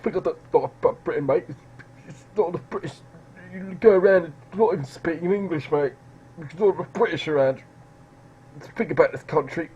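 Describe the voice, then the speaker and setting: A man putting on the voice of a loud, brash male British nationalist who shouts slogans. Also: fairly high pitch, a little fast, slightly rough, lo-fi sound, voice pushed up. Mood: ranting.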